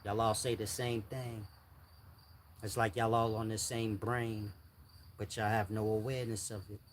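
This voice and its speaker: Older man, low voice, blunt street talk, faint crickets behind. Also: flat delivery, unhurried. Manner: blunt, street slang, addresses viewers as y'all. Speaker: channel host giving advice. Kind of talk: casual monologue to viewers. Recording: faint insect and cricket noise. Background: crickets and insects faintly.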